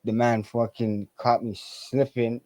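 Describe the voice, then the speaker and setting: A man tells his stories loose and profane, his voice mellow and dark. He acts out the other people in his tales, snapping between his own talk and theirs. The sound is close and dry, with no room around it. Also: mid-range voice, flat delivery, slow, no echo, low-quality recording. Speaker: podcast guest. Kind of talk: casual storytelling.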